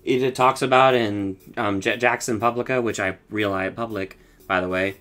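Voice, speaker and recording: A man's voice: on the low side, moderate pace, fairly bright tone. A rambling, casual young man recapping an episode. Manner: rambling, swears, laughs often, acts out quotes. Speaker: show reviewer.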